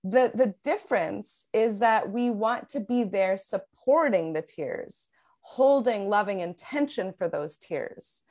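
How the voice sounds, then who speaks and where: Speaking slowly and at medium pitch, this earnest parenting coach gives long explanations in a casual podcast chat. Her talk is full of "like" and "um," and she keeps restarting sentences while working through her ideas.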